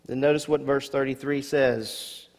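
Reading scripture aloud during his sermon, a male pastor speaks a little slowly in a mid-range voice. He preaches expressively, stressing key words with rising emphasis and tossing casual asides to the congregation, and the recording carries a long hall reverb.

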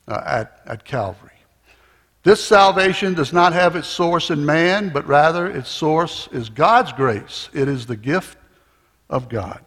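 A man with a fairly high voice delivers a sermon at a very slow, deliberate pace, explaining points like a teacher and often restarting his phrases. His voice rings out with the long reverb of a large church hall. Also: fairly bright tone, breathy edge. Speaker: preacher.

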